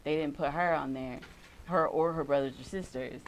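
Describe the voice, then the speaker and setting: A woman's voice: deep voice, normal speed, low-quality recording. A woman co-hosting a casual talk show, telling a family story in a plain way with frequent murmured agreement. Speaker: podcast co-host. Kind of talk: casual chat.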